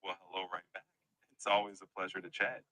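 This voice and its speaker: A smooth, polite male AI chatbot voice that talks in an eager-to-help way. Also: low voice, little pitch movement, quick pace, bright, forceful tone, no room sound.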